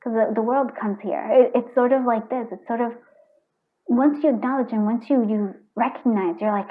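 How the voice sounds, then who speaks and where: A woman's voice: on the high side, fairly even intonation, normal speed. A woman doing a casual tarot card reading, chatty and earnest, thinking aloud and restarting her sentences. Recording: tinny phone-like sound.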